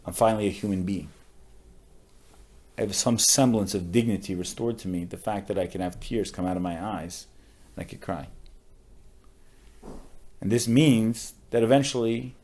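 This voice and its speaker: A male rabbi with a lowish voice tells a story on a podcast. He sounds heartfelt and uses a lot of casual fillers. At the saddest moments his voice falls almost to a murmur. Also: moderate pace, long pauses, darkish tone. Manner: emotional storyteller with frequent "like" fillers.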